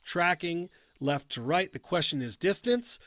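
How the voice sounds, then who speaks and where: A man giving play-by-play commentary on video golf matches, chatty and jokey, bursting into shouts at big shots. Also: high voice, sing-song, unhurried.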